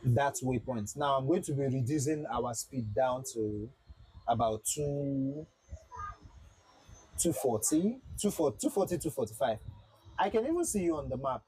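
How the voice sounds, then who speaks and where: A man's voice: medium pitch, lively intonation, unhurried, mellow, breathy edge, no echo, low-quality recording. A man livestreaming a flight simulator, chatting casually with viewers and repeating himself as he flies.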